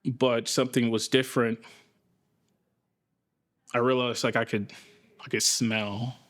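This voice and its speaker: A man giving a documentary interview, talking slowly and haltingly as he searches for words. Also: medium pitch, level tone, fairly bright tone. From United States. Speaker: interviewee recounting a psychosis episode.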